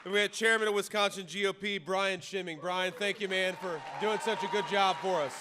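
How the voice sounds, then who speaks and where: A man giving a campaign rally speech into a podium microphone, talking conversationally with restarts and repeated words and rising to loud punchy lines. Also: high-pitched, steady tone, a little fast, crowd noise. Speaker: political candidate addressing a rally. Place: large reverberant rally venue. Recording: long reverb of a rally hall, faint ambient noise.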